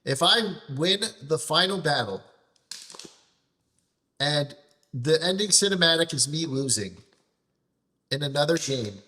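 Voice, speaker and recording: A man rants while streaming a game, cursing a lot and circling back to restart phrases as he vents. The voice is on the high side with a sharp edge, as live gameplay commentary.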